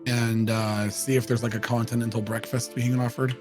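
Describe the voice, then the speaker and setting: A man in casual chat as a tabletop game player, rambling through his character's actions with lots of fillers. His voice is mid-pitched. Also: flat delivery, moderate pace, over music. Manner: rambling, with many fillers and frequent laughter.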